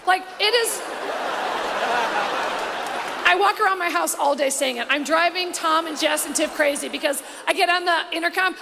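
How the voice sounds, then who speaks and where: A woman comedian doing a live stand-up set, telling gossipy stories and mocking people with quick impressions. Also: extremely high pitch, creaky. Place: large theater stage before a live audience. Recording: live hall recording with crowd noise.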